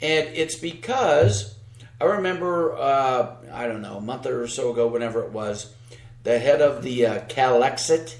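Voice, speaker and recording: A man's voice: mid-range voice, expressive, unhurried, echoey room. A man co-hosting a podcast, giving sarcastic, combative political commentary and reading news aloud with asides. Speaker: podcast co-host.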